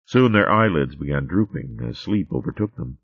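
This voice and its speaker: A man narrating an audiobook in a steady, even storytelling voice. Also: a bass voice, moderate pace, slightly rough, no room sound. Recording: dry, slightly muffled recording.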